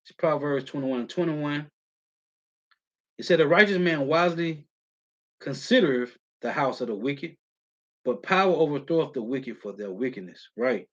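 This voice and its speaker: A man's voice: on the high side, a bit bright. A man with a somewhat raised voice preaches in an emphatic, slangy way. He lingers over scripture lines and keeps tossing in "man" between thoughts. The audio is muffled and lo-fi. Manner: emphatic, slangy, calls listeners "man", reads scripture slowly. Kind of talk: street-style scripture teaching, reading verses.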